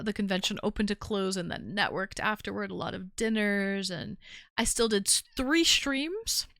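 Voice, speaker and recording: Smooth-voiced tired woman hosting a call-in stream. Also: mid-range voice, a bit bright, dry recording, clean studio sound. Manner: chatty and playful, teasing callers. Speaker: livestream call-in show host. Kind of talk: casual chat.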